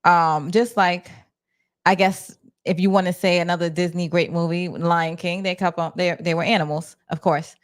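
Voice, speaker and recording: A woman's voice: lowish voice, steady tone, normal speed. A woman from New York with a New York accent, chatting casually on a livestream to her viewers from her office. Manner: chatty, talks to her chat, restarts and fillers. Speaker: livestream host.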